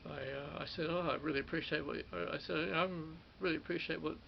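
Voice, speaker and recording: A middle-aged Australian man with a strongly gravelly, slightly high voice looks back on his radio days. He rambles and stumbles, restarting sentences and repeating words. The recording sounds dull and lo-fi, with a faint hiss underneath. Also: fairly even intonation. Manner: halting, many restarts and repeated words, chuckling. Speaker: former radio studio producer. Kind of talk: rambling personal reminiscence.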